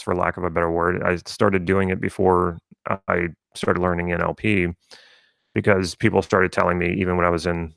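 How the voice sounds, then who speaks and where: Low, gravelly-voiced man talking casually. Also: fairly bright tone, no echo, clean studio sound. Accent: General American, from South Louisiana. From rural South Louisiana, USA. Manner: rambling, conversational, with many restarts. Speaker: NLP coach. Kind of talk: live stream talk.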